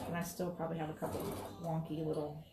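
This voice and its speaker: A woman's voice: low voice, completely flat delivery, fast, heavy background noise. A woman teaching quilting in a casual demonstration, chatty and reassuring as she talks while she works at her sewing station. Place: sewing room, moving between workstations.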